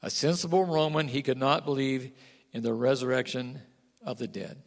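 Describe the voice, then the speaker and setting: Animated pastor preaching in an echoing church. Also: male voice, mid-range voice, moderate pace. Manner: animated, repetitive emphasis, asks the congregation questions. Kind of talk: sermon.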